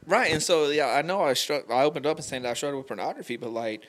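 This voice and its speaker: A young man telling an emotional faith story on a podcast, animated and full of "like" fillers. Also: on the high side, fast talker. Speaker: podcast guest. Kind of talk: candid faith conversation.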